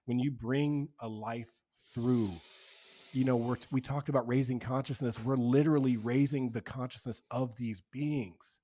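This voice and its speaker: A man's voice: mid-range voice, steady tone, measured pace, mellow. A man talks as a podcast guest in a mid-range voice, earnest and reflective. His speech is casual and loose, full of fillers.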